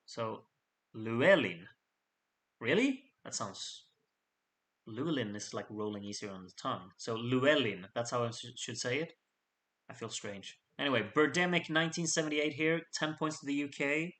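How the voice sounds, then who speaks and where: A man's voice: medium pitch, moderate pace, a bit bright. A man hosting a live fan vote, reading out points with chatty, jokey asides to his audience. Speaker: host reading out fan contest votes. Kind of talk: casual live voting commentary.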